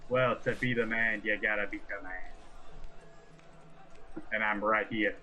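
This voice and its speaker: A man voicing a boastful male dwarf wrestler who introduces himself in a booming showman style and taunts his rival. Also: fairly even intonation, unhurried, pushed and bright, a little hiss or hum. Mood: brash boasting. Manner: brash, booming, trash-talking.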